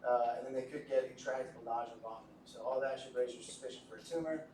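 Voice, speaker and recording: A man's voice: medium pitch, steady tone, fast talker, a little mellow. A man giving a medical lecture to a class, casual and joking, often asking the students questions. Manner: jokey, conversational, asks the class questions. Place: lecture room. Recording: echoey room from a distance with faint noise.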